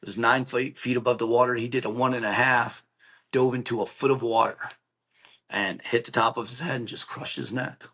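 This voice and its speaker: A middle-aged man speaks briskly at medium pitch, his intonation fairly even and his tone a bit bright. As a podcast guest, he relates an emotional personal story earnestly and plainly, acting out the quoted dialogue.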